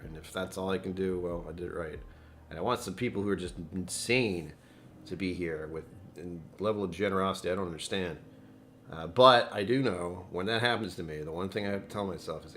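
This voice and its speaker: A man's voice: low voice, fairly quick, fairly bright tone, a little hiss or hum. A middle-aged man hosting a whiskey live stream from home, chatting casually in a rambling, self-deprecating way and laughing often. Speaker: whiskey channel host.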